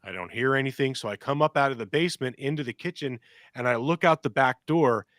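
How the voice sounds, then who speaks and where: This podcast co-host, a middle-aged man, speaks quickly in a mid-range voice over clean studio sound with no room tone. His casual storytelling wanders at length, and he animatedly acts out voices, quotes and noises along the way.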